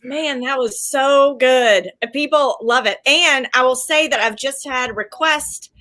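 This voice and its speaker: Bright, gushing woman hosting. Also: sits high, measured pace. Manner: gushing, effusive. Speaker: book festival host. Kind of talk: casual livestream hosting.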